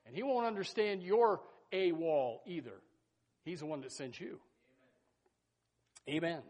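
High-voiced man preaching with emphatic swings. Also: unhurried. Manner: emphatic preaching, swinging between loud and soft, with repeated phrases; folksy, addresses listeners as folks and says amen. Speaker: pastor. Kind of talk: sermon.

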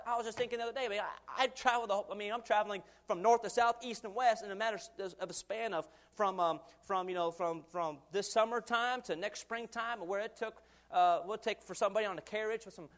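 A man in his twenties preaches with animation, voicing the people he quotes and frequently chuckling. His voice sits high.

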